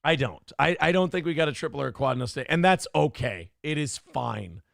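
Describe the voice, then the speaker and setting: Gravelly, worked-up ranting man. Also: mid-range voice, lively intonation, fairly quick, no echo, clean studio sound. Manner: loud, profane, worked-up ranting. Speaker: livestream talk show host. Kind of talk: profane political rant and donation shoutouts.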